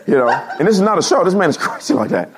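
A man preaching a humorous storytelling sermon to his congregation, animated and laughing at his own stories. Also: high-pitched, quick pace. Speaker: pastor. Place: church service before a congregation.

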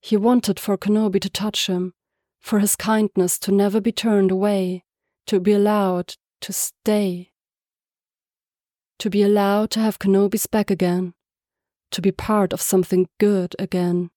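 A woman reading a story aloud as narrator, soft-spoken and even. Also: mid-range voice, measured pace, dry recording, studio quality. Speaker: podfic reader. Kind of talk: scripted narration.

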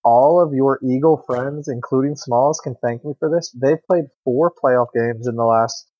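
A man's voice: mid-range voice, moderate pace, warm tone, no echo. Matter-of-fact man, dull dry recording. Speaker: sports betting co-host. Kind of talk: casual sports betting talk.

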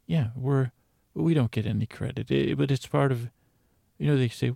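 A man's voice: medium pitch, moderate pace, vocal fry, mellow, no echo, clean studio sound. A man playing a narrator in a comedic audio drama, talking in a rambling way with lots of self-interruptions and chatty asides. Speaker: fictional narrator.

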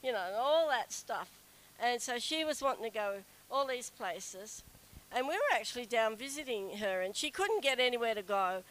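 Bright, chatty woman storyteller. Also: normal speed, a little hiss or hum, poor audio. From Australia. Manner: chatty, animated, acts out quoted whining in a high voice. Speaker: speaker telling a story to a group. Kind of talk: personal anecdote to an audience.

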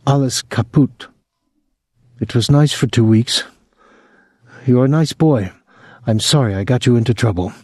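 A man voicing a sullen, blunt foreign woman who works as a house servant, speaking flatly. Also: medium pitch, unhurried, pauses often, breathy edge, dry recording, clean studio sound. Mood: resigned.

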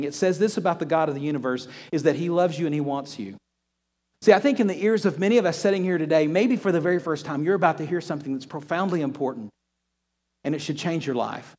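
A man preaching a sermon and telling a story, often repeating words as he restarts a thought and dropping to a hushed voice for emphasis. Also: on the high side. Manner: storytelling, drops to a hushed near-whisper for emphasis. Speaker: pastor. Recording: long reverb of a large hall.

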